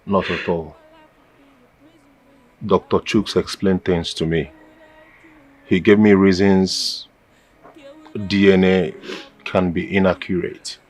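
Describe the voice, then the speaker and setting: A man's voice: low-pitched, little pitch movement, slow pace, pauses often, darkish tone. An actor playing a remorseful husband who keeps begging his wife for forgiveness, over film music. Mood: pleading. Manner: pleading, apologetic. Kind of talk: Nollywood drama acting.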